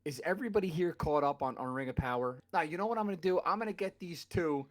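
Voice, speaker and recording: A man's voice: a little high, lively intonation, quick pace. A man hosting a podcast in casual chat, steering the talk and teasing his co-hosts. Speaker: podcast host.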